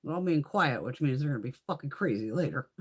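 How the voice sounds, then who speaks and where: A woman's voice: deep voice, lively intonation, a little fast, breathy edge. A middle-aged woman hosting a casual beauty livestream, chatting freely, swearing often and laughing between thoughts. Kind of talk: casual live chat.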